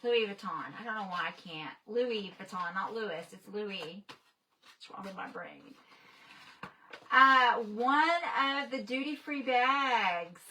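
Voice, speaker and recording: Bright-voiced gushing woman. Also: fairly high pitch, slow pace, a little hiss or hum. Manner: gushing and excitable, chatty asides to viewers. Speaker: livestream host. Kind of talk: casual livestream chat.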